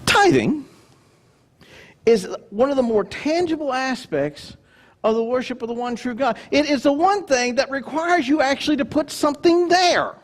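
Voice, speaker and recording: A male pastor preaching a sermon with emphatic swings between loud declarations and hushed, mocking asides. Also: animated, normal speed. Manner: mimics grudging churchgoers in low mocking asides.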